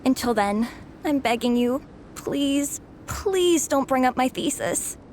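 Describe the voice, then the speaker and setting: An actress playing a theatrical young student and comic-book fan in a game, talking in an expressive, dramatic manner. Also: female voice, high-pitched, slow, slight background noise. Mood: pleading. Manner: theatrical, pleading then mock-solemn.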